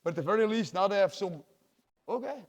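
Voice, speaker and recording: A man's voice: high voice, lively intonation, fast talker, big-room sound. A man teaching a jiu-jitsu class, a chatty coach who peppers his points with "yeah?" and acts out little exchanges with students. His first language is Dutch. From Belgium. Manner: talkative, tags lines with "yeah?", acts out quotes. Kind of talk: teaching a class, casual explanation.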